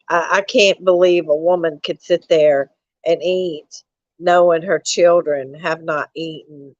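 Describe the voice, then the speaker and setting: A woman's voice: deep voice, no echo. A woman on a live stream talking angrily and profanely to her viewers, repeating herself and calling them y'all. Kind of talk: casual ranting live stream. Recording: dull lo-fi dry sound.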